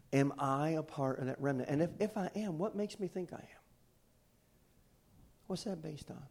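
A man preaching a sermon in a church, swinging from loud fervent declarations to quiet, folksy storytelling. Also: mid-range voice, gravelly. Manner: preaching with rising intensity, then quiet storytelling. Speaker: pastor. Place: church sanctuary with balcony.

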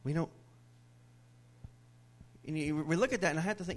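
A man preaching a sermon in church as pastor, swinging from loud declarations to hushed whispers. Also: fairly high pitch, normal speed, long pauses.

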